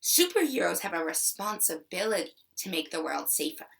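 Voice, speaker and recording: A woman teacher giving a slow, expressive, encouraging video reading lesson to young children. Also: on the low side, vocal fry, distant mic.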